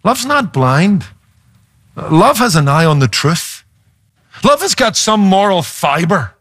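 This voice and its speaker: A man's voice: sits high, very animated, slow, fairly bright tone, dry recording, clean studio sound. A man, a pastor, preaching a sermon with emphasis, shifting pace and playful asides.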